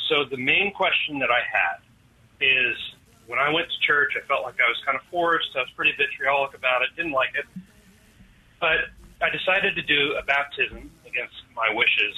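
Male caller, husky, sharp, tinny phone audio, casual rambler. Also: medium pitch. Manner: casual, joking, a bit rambling. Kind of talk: call-in question. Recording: bright husky phone line.

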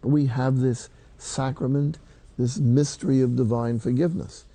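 A man's voice: mid-range voice, steady tone, normal speed, dark tone. An older man, a priest, preaching a sermon in a folksy, emphatic way, quoting scripture.

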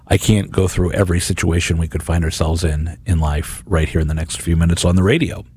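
Husky-voiced man talking on faith radio. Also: deep voice, fairly even intonation, fairly quick, darkish tone, no room sound. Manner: conversational, earnest, with many restarts. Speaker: radio host. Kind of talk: radio reflection on scripture. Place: radio studio.

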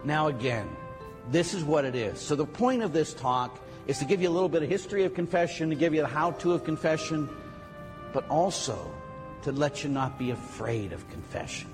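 A middle-aged man, a priest, giving a lively sermon talk full of joking stories and acted asides. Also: a little high, fairly quick, music in the background. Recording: long hall reverb, faint ambience.

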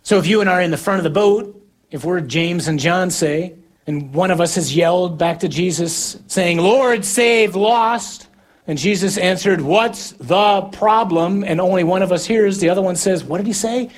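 A man delivers a sermon in a somewhat high, husky voice. He teaches earnestly and emphatically, breaking his thoughts into short, weighted phrases. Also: steady tone, brisk. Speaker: preacher.

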